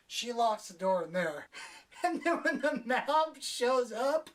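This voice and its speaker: A woman's voice: medium pitch, lively intonation, normal speed, far from the mic. A young adult woman giving a casual spoiler review of a movie, exasperated and profane, doing mocking impressions of the characters.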